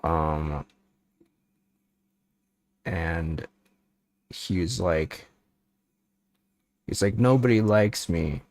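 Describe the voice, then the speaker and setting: Slow, deep-voiced man chatting playfully. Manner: rambling, playful, chatting with viewers. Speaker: VTuber streamer. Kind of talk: casual livestream chat and improvised bedtime story.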